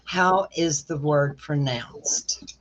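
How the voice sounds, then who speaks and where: A host, asking questions in an unhurried, halting way in a remote interview. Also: mid-range voice, fairly bright tone. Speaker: show host. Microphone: video call. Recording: dull lo-fi call audio with faint noise.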